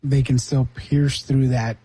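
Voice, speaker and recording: A man's voice: medium pitch, level tone, measured pace, noisy background. A man co-hosting a radio talk show, making wry remarks. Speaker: radio co-host.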